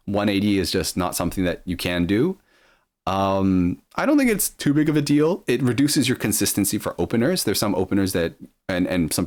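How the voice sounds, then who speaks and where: Low-voiced man chatting on a stream. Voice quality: low speaking voice. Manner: reads viewer messages aloud and answers them, with many ums. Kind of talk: casual live-stream chat.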